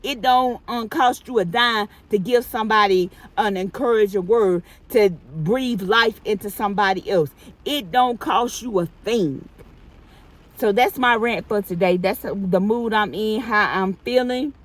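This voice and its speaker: A woman's voice: mid-range voice, a little slow, rough recording. A middle-aged woman vlogging from inside her car, talking emphatically and repeating herself for effect. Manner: emphatic, repetitive, preachy. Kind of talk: casual car rant to camera. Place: inside a parked car in heavy rain.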